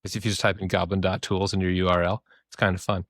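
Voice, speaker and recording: A young man co-hosting a podcast, telling stories in a casual, animated way, swearing freely and mimicking voices. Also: low voice, fast, no echo, studio quality. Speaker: podcast co-host.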